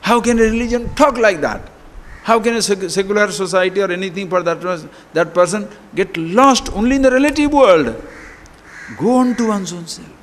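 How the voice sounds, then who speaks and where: A man delivers a spiritual talk, throwing out rhetorical questions with a lively, chuckling manner. His voice sits high for a man. The sound rings with a long reverb from a large hall. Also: normal speed, a little hiss or hum. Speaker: spiritual teacher. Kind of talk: spiritual discourse.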